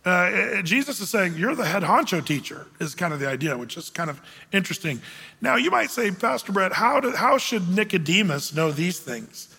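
A male pastor with a high, bright voice teaches a sermon verse by verse, talking conversationally with plenty of ums and restarts. He turns to the congregation with questions now and then. The sound rings with a long reverb, as in a church sanctuary. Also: big pitch swings, moderate pace, gravelly, slightly rough.

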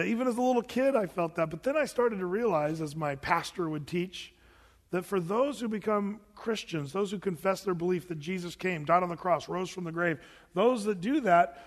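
Animated preacher man in a reverberant hall. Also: high voice. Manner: animated, acts out quoted voices, fillers and restarts. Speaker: pastor. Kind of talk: sermon.

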